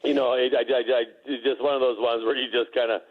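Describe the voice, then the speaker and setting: A man's voice: medium pitch, level tone, fast, narrow, tinny audio. A man, a former basketball player, recounting a game anecdote in an interview, stammering and restarting, chuckling.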